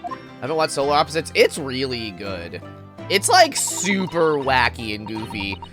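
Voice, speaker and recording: A man's voice: mid-range voice, big pitch swings, normal speed, a bit bright, soft background music. A man streaming a mystery game, chatting playfully with giggly, rambling asides. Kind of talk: casual gaming commentary.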